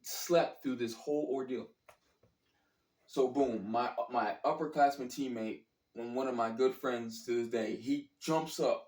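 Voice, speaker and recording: A man's voice: mid-range voice, unhurried, a little mellow. A man telling a story casually, with lots of slang and profanity, acting out his own reactions as he goes. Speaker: storyteller recounting a college basketball trip. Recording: echoey room, distant from the mic.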